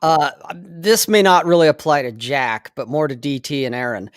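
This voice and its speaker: Smooth-voiced man telling a wry story. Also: a little high, moderate pace, no room sound, studio quality. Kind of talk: casual podcast chat.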